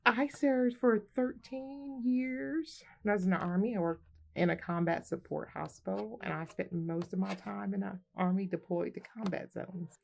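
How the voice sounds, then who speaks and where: A woman with a gravelly, creaky edge to her voice, sitting in the middle of her range. She recounts a personal anecdote from her years in the military. She tells it in a lively way and laughs often. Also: mid-range voice, moderate pace, slight background noise. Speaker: military veteran telling a personal story. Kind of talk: personal anecdote told to camera.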